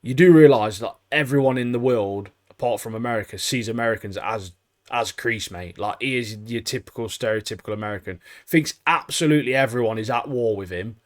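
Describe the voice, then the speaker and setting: A young English man co-hosting a casual podcast chat, animated and swearing freely, laughing at his own jokes and saying "mate" constantly. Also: medium pitch, fairly quick. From England. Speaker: podcast co-host.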